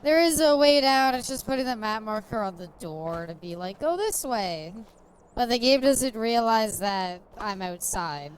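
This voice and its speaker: A woman's voice: mid-range voice, lively intonation, a little slow, clean tone. Giggly woman rambling over gameplay. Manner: rambling, giggly, jokey storytelling. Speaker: streamer playing a game. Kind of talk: casual gameplay commentary.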